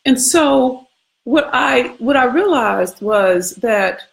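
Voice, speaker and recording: A woman's voice: a little high, animated, takes it slowly, vocal fry. A woman hosting a casual scripture contemplation, talking conversationally with frequent questions, profanity and laughter. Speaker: host.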